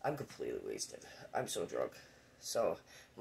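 A man casually telling a rambling, profane personal story, quoting friends with animated voices. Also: sits low, normal speed, vocal fry.

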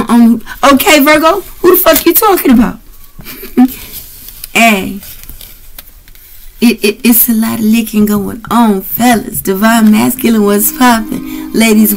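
A woman's voice: on the high side, rough recording. Brash, profane woman reading tarot. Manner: brash, profane, rowdy and playful. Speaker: tarot reader.

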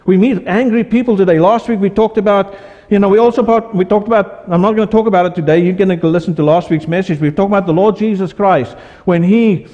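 A man's voice: high-pitched, fast talker, mellow. A man, an Afrikaans speaker, preaching a sermon as pastor, often repeating and restarting words and acting out quoted voices. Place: church hall. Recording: dull sound with long hall reverb.

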